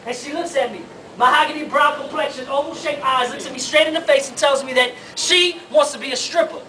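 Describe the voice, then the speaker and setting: A man performing spoken word poetry live at a university, rhythmic and dramatic with loud bursts. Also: extremely high pitch, a little fast, far from the mic. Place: university hall with audience. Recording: live hall from afar, audience.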